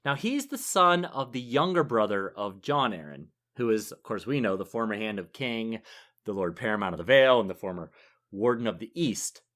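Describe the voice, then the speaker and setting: Male podcast co-host in his forties, lively pitch, chatty and quick to laugh. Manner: chatty, laughs easily, rambling asides. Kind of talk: casual chat.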